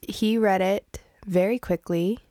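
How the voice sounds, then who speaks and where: A woman's voice: medium pitch, steady tone, takes it slowly, dark tone, no room sound. Woman, podcast co-host, nasally congested, chatty, laughs easily, dry close mic. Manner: chatty, laughs often, sings playful jingles. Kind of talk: casual podcast chat. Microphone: studio microphone.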